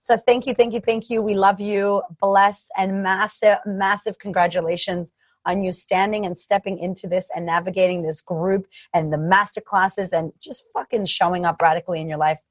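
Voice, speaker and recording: A woman's voice: medium pitch, fairly even intonation, normal speed, no echo. A woman hosting a podcast, affirming and gushing in a casual, colloquial way. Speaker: podcast host.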